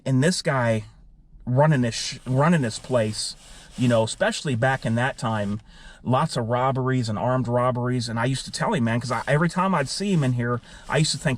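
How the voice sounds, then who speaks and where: Animated man telling a story. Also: mid-range voice. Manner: animated, repeats "I said". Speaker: vlogger. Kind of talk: casual storytelling. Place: in a car.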